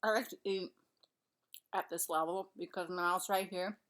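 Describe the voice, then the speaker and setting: A woman's voice: lowish voice, steady tone, moderate pace, a bit bright. A woman chatting casually to camera at home as she eats, rambling and restarting her sentences. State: out of breath. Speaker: vlogger. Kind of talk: casual chat to camera while eating. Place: her home, kitchen and living room couch.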